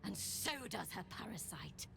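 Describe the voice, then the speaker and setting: A woman's voice: on the low side, normal speed, vocal fry, background noise. A woman voicing a fierce young githyanki warrior woman who speaks in a zealous, commanding, clipped way. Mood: bitter.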